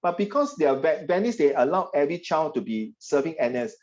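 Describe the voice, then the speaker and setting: A man's voice: a little high, lively intonation, fairly quick, a little mellow, dull audio. A man with a Singaporean English accent, teaching a class over a video call, chatty and teasing. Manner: chatty, teasing, puts on voices of parents and students. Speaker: tutor.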